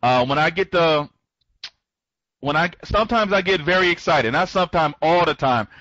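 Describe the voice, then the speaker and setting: A man with a fairly high, bright voice runs an online training session and rambles from one thought to the next. He restarts his sentences constantly and greets listeners by name. The audio is dull and lo-fi. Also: moderate pace, dry recording. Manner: speeds up when excited. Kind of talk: live online training talk.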